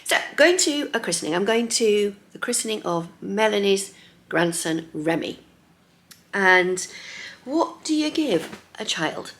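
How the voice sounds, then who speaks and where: Gravelly-voiced woman chatting in her sewing vlog. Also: mid-range voice, unhurried. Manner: chatty, lively, drops to soft near-whispers. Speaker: sewing vlogger.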